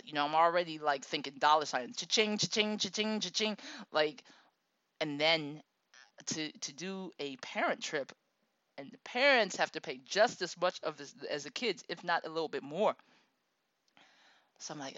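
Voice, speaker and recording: Bright-voiced woman telling a lively story. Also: sits low, normal speed, no echo. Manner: animated, laughs often, acts out quotes. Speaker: parent telling a personal story. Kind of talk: casual storytelling monologue. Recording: dull, dry lo-fi recording.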